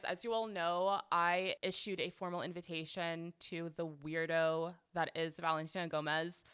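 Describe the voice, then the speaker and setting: A young woman hosting her own commentary show, sassy and sarcastic, with a lot of "like" in her talk. Her voice is bright and crisp, and her pitch sits in a middle range. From United States. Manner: sassy, sarcastic, chatty with frequent "like". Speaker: podcast host. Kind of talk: casual commentary to camera.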